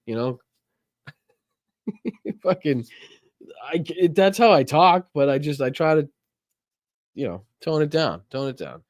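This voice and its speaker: This Boston-accented man from Massachusetts hosts a live politics stream, chatting casually, swearing and laughing a lot as he rambles. His voice sits a little high with lively intonation, at a moderate pace broken by long pauses. The studio sound is clean with no echo.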